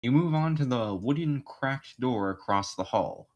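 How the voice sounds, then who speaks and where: A man's voice: medium pitch, animated, unhurried, muffled recording. A man streaming, reading second-person narration aloud with joking asides, his voice slightly worn.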